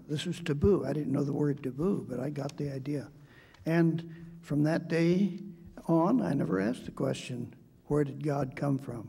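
This older man speaks in a gravelly, husky voice that sits a little high for a man. His tone is mellow and soft-edged. He recalls his boyhood slowly at a debate, pausing often and restarting his sentences as he goes. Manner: halting, with frequent hesitations and restarts. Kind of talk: reflective storytelling in a debate speech.

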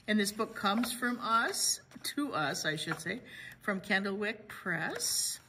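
A woman's voice: mid-range voice, big pitch swings, takes it slowly, pushed and bright, slight background noise. A woman hosting a library storytime, reading a picture book aloud to children with playful sound effects.

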